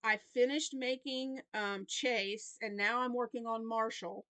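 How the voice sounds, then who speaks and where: A woman's voice: a little high, steady tone, measured pace, bright, forceful tone, smooth, dry recording. Chatty Southern grandmother, dry close sound. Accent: Southern American. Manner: chatty, rambling with restarts and fond anecdotes. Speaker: crochet vlogger. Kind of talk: casual chat to camera.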